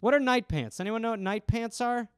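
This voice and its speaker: A man's voice: very high voice, fairly quick, clear, resonant tone, no echo, clean studio sound. A man hosting a comedy podcast, riffing in a rambling, profane way. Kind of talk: casual comedic monologue.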